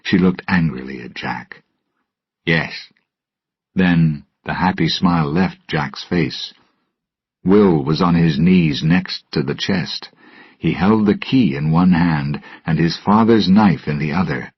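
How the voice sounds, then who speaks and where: Storybook narrator: man, deep and raspy, slow and deliberate, dry lo-fi sound. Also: no room sound. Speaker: storybook reader. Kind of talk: graded-reader story narration for English learners. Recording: dull lo-fi recording.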